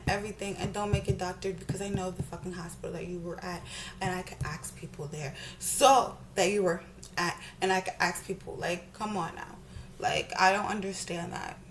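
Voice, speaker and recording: A woman's voice: lowish voice, steady tone, normal speed, slight background noise. A young woman vlogger ranting heatedly and profanely while doing her makeup at home, often repeating herself. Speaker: beauty vlogger.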